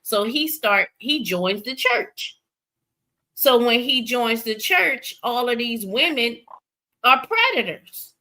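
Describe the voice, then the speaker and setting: A woman's voice: on the high side, slow pace. A woman hosting a late-night stream, talking casually and getting emphatic as she tells stories. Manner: animated, emphatic storytelling. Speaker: streamer host. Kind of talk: casual chat. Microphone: streaming setup.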